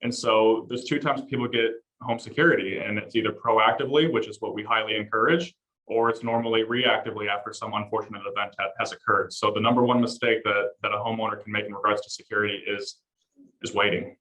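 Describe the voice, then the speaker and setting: Man, security sales guest, rapid speech, bright tense tone. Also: lowish voice, fairly even intonation, poor audio. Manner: quick, eager salesman, repeats words. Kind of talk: panel conversation.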